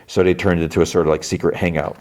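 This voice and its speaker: A man's voice: sits low, little pitch movement, very fast, a little mellow. A man hosting a podcast, casually retelling a TV episode scene by scene and quoting the characters in a raised voice. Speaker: podcast host.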